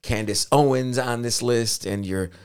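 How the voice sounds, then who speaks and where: A man's voice: medium pitch, unhurried, darkish tone, clean tone. A man co-hosting a podcast in casual chat; he jokes, acts out made-up dialogue and steers the topics. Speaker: podcast co-host.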